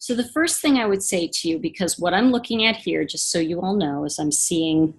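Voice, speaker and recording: A woman teaching tarot reading in a chatty monologue, acting out little scenes in a hushed voice. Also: fairly low pitch, lively intonation, normal speed.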